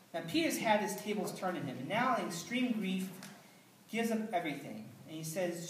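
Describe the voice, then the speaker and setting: A man's voice: high-pitched, expressive, normal speed, fairly bright tone, a little hiss or hum. A man pastor delivering a sermon in an earnest, conversational way, with dry asides. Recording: roomy, distant mic, faint ambience.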